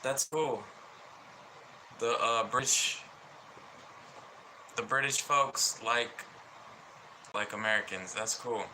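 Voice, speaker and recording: Homem lento e tranquilo do Alabama, sotaque sulista. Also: male voice, lowish voice, pushed and bright, slight background noise, rough recording. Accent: Southern US. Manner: slow, rambling, lots of fillers. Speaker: livestreamer. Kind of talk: casual rambling livestream chat.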